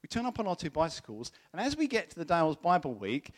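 A middle-aged man delivers a sermon built around a personal story. His voice sits a little high and rises and falls a great deal, and he acts out the voices of the people he quotes. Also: huge pitch swings, quick pace. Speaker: preacher.

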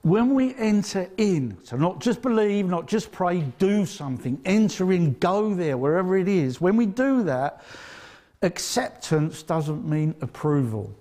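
A man's voice: high voice, animated, normal speed, hardly any pauses, warm tone. A man with an Essex accent preaching a sermon in a conversational, emphatic way, often checking in with his listeners. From Essex, England.

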